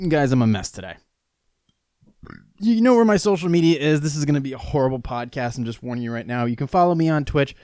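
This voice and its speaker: Hiccups keep interrupting this podcast host as he rambles alone through a casual, profane rant that pokes fun at himself. He speaks fast and animatedly at a medium pitch, his tone a little mellow, clear and resonant, with studio quality and no echo.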